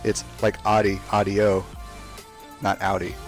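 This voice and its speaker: A man's voice: fairly low pitch, monotone, measured pace, faint music behind. A young man chatting casually as he streams a game, talking to himself and trash-talking opponents. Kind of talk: casual live gameplay commentary.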